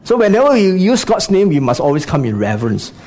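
A man's voice: sits high, very animated, fast talker, darkish tone. A man preaching a sermon, speaking to the congregation with frequent rhetorical questions and "you know" asides.

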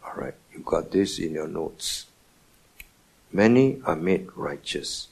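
Slow-talking emphatic preacher man. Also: low voice, lively intonation, gravelly, breathy edge. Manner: emphatic, rising and falling in loudness for stress; asks the congregation rhetorical questions. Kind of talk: sermon.

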